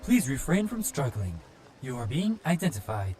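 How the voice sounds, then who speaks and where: A man voicing a calm, monotone male police android that speaks in flat, clipped statements. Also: mid-range voice, normal speed, soft background music, pitched above the performer's own voice, natural voice. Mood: commanding.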